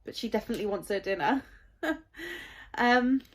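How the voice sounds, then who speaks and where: A woman's voice: mid-range voice, animated, moderate pace. A woman, talking in a heartfelt, rambling vlog as a parent, with many fillers. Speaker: parent vlogger. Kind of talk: casual vlog monologue.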